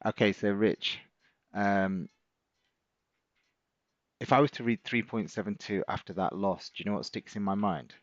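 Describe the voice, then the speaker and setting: Chatty man with a low voice. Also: steady tone, measured pace, pauses often, no room sound, highs cut off. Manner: encouraging, chatty, reads out viewers' comments. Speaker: trading coach and live stream host. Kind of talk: casual live stream chat with viewers.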